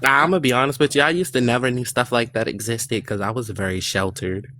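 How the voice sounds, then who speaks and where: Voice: medium pitch, fairly even intonation, fast, pushed and bright. A guest on a casual livestream chat, talking in a candid, conversational way.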